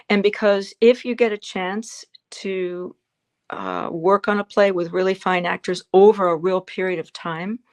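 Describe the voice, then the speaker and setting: A woman over seventy, an actor as guest in an interview, telling stories expressively with emphatic repetitions. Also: mid-range voice. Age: 70s.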